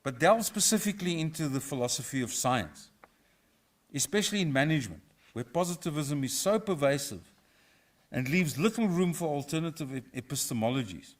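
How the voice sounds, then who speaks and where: A middle-aged professor from South Africa, giving a formal inaugural lecture in a measured, reflective way with a touch of humour. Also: male voice, on the high side, lively intonation. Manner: measured, reflective, lightly humorous. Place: university auditorium.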